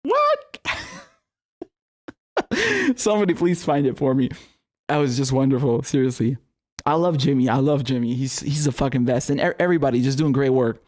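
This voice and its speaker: A man's voice: mid-range voice, steady tone, a little fast, warm tone. A young man hosting his own political commentary show, talking casually, sarcastic, swearing freely and laughing often.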